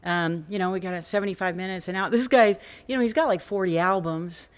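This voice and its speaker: A woman's voice: fairly low pitch, fast talker. A woman hosting a small music cafe, introducing a performer with chatty, rambling stage talk and frequent laughter, speaking into a stage microphone. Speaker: venue host introducing a performer.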